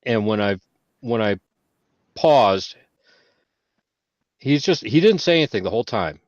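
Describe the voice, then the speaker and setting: A man's voice: lowish voice, lively intonation, measured pace, dry recording. Profane man telling stories, dull lo-fi sound. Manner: heavy profanity, loud bursts when quoting himself. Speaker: veteran panelist. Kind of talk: casual storytelling chat. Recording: dull lo-fi audio.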